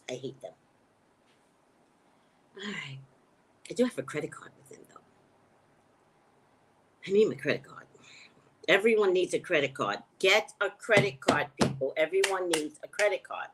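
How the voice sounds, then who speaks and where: A woman's voice: on the low side, animated, measured pace, long pauses, a little hiss or hum. A woman hosting a casual livestream, chatting back to viewer comments. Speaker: livestream host and psychic reader.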